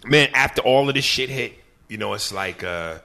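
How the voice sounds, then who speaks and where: A man who is a comedian and podcast guest, telling profane, animated stories in casual chat. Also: medium pitch, normal speed, vocal fry.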